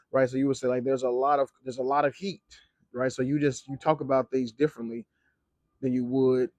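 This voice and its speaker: A young Spanish teacher and vlogger living in Mexico talks to the camera with casual advice on learning Spanish, loose and slangy with lots of fillers and swearing. His mid-range voice has a darkish tone, recorded dry.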